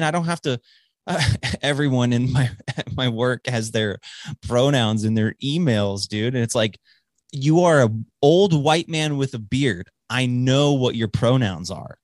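A man's voice: medium pitch, no room sound. Guy rambling and cussing on his podcast, mid voice, dead dry room. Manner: rambling, swearing, many restarts. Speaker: podcast host. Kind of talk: casual chat.

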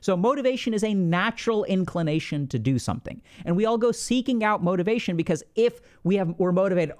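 Animated man explaining, high-pitched. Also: quick pace, few pauses. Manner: animated, acts out inner voices, lots of "like" and "right?". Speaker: podcast host. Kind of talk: casual explanatory talk.

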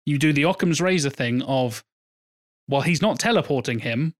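A man's voice: a little high, moderate pace. A man co-hosting a film podcast, talking enthusiastically and rambling, with casual swearing. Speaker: podcast co-host.

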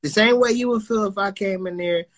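A man with a high-sitting voice talks briskly in casual chat. He's loose and profane, rambling and repeating himself, often circling back on his words.

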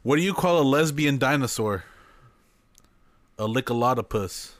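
A man's voice: medium pitch, animated, normal speed. A man on a podcast telling crude jokes in casual chat and laughing a lot, with friends' chatter behind him. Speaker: podcast co-host.

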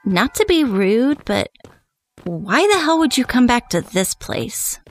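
A woman's voice: fairly high pitch, big pitch swings, slow pace, soft background music. A woman doing a bored snarky valley girl.

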